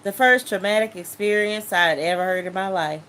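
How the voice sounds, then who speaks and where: Woman, animated storytelling, acts out voices, testimony. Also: medium pitch, brisk. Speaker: testimony speaker.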